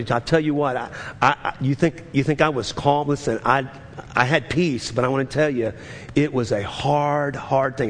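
A man in his fifties, a pastor preaching a sermon, telling a story earnestly and then rising into fervent preaching. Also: mid-range voice. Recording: long reverb of a large hall with faint noise.

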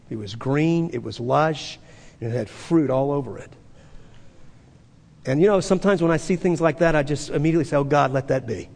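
Pastor guy preaching, pretty high voice, chatty then jumps up loud on key words, echoey church hall. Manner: conversational preaching with sudden high emphatic bursts. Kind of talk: sermon. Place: church sanctuary. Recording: long reverb of a large hall.

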